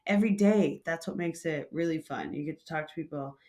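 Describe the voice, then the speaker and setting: A woman with a slightly low voice tells a story to the camera in a chatty, loose manner. She keeps a casual flow full of fillers. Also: brisk, darkish tone. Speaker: vlog host and coffee shop manager.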